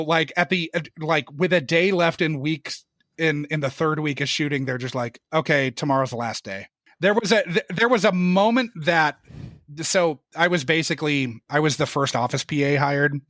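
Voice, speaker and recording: A young man telling work stories in a casual podcast chat, animated and profane, his voice jumping up when exasperated. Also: fairly high pitch, moderate pace, dry recording, studio quality. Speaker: podcast guest.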